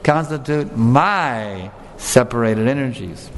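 A man's voice: medium pitch, expressive, slow, slight background noise. A man giving an earnest devotional lecture, stressing points and putting questions to his listeners. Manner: earnest, emphatic, asks the audience questions. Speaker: spiritual teacher. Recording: long hall reverb, faint room ambience.

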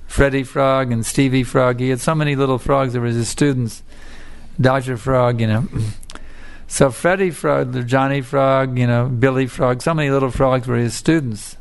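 A man's voice: mid-range voice, moderate pace, smooth. A man giving a sermon and telling a fable in a colloquial, repetitive way, often checking in with his listeners. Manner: colloquial, repetitive, keeps asking "you see?".

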